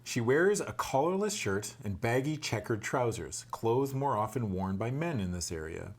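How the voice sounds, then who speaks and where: This is a man running a tabletop adventure, reading the book's passages aloud at an ordinary middle pitch. Between passages he drops into relaxed, profane joking with his friends at the table. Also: moderate pace. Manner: swaps between read-out narration and joking, cursing banter. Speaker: game master reading the gamebook. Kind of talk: reading adventure text aloud with casual asides.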